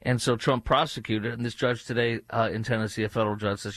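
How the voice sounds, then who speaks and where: A man's voice: medium pitch, fairly even intonation, fast, few pauses, a bit bright, no room sound. Sarcastic male talk radio host. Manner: sarcastic and mocking, with chuckles. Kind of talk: political talk radio commentary.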